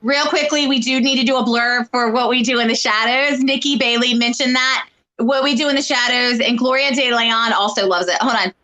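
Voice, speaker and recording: A woman co-hosting a casual show chat, talking in a chatty, animated way and acting out quoted lines when she retells a story. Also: a little high, a little fast, poor audio. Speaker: co-host.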